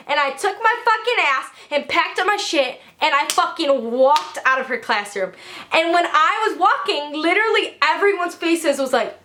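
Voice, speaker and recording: A teenage girl vlogger telling a storytime rant, animated, heated and full of profanity. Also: high-pitched, moderate pace. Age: teens.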